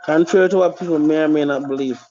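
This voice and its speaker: A man's voice: a little high, steady tone, fast talker, background noise. A man giving blunt, profane opinionated commentary as a podcast host. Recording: dull lo-fi recording.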